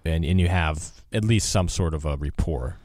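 A man's voice: a bass voice, normal speed, dry recording. A man hosting a live radio talk show in a studio, chatting casually with many fillers. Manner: relaxed, rambling, many fillers.

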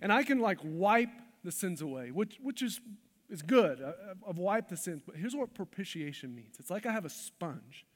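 Male pastor, high-pitched, emphatic sermon delivery in a church hall with long reverb. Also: sing-song, normal speed. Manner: emphatic, shifts between loud stresses and hushed lines.

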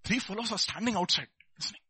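A man preaching a lively sermon, asking his listeners rhetorical questions and acting out the people in his stories. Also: high-pitched, quick pace, slightly rough.

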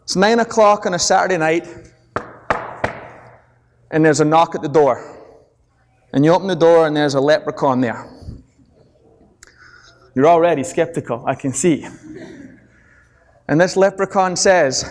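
A middle-aged Scottish man gives a business seminar in an animated, story-driven way and keeps checking that the audience is following. His voice sits fairly high for a man. The long echo of a large hall trails behind him. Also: normal speed, pauses often. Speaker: seminar speaker.

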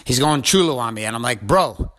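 Bright-voiced man telling a story. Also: mid-range voice, fast. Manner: profane, animated retelling with acted quotes. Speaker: podcast host. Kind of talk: storytelling monologue.

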